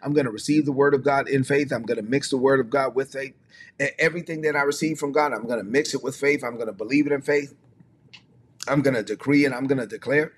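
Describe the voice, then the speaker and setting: A man's voice: mid-range voice, steady tone, fast talker, slightly rough. A man preaching a streamed sermon as pastor, emphatic and repetitive, often prompting listeners to say words back or type them in the chat.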